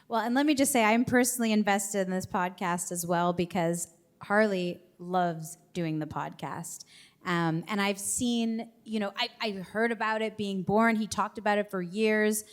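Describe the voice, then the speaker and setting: A woman interviewing onstage, asking measured, friendly questions with an occasional filler. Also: medium pitch. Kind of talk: live onstage conversation.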